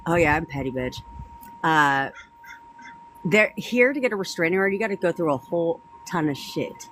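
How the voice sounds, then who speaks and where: A woman coach in her thirties tells a personal story on a live stream in a slightly low voice. She swears freely and sounds petty and gossipy. A faint noise hangs under the phone recording. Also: expressive, moderate pace, a bit bright, low-quality recording. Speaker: manifestation coach.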